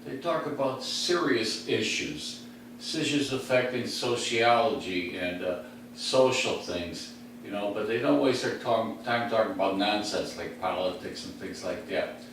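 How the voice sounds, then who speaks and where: A man's voice: lowish voice, measured pace. A man from the west side of Chicago, hosting a comedy podcast from his recliner at home. He tells rambling street stories with many fillers and chuckles to himself. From west side of Chicago, USA. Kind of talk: rambling comic storytelling. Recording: very echoey room, mic at a distance, faint hum.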